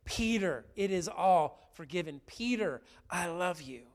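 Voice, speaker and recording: Preacher doing a soft forgiving teacher voice, gentle and pleading, kinda high. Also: male voice, animated, a little slow. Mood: tender. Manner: gentle, pleading, repeats the name softly. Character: tender forgiving risen teacher, adult man.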